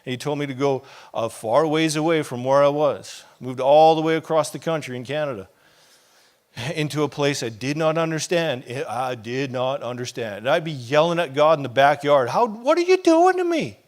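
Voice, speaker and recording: A middle-aged male pastor preaches with passion, talking to his congregation in a loose, conversational way. His voice sits at an ordinary mid pitch for a man, and he keeps dropping in casual asides between the big points. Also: moderate pace. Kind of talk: sermon.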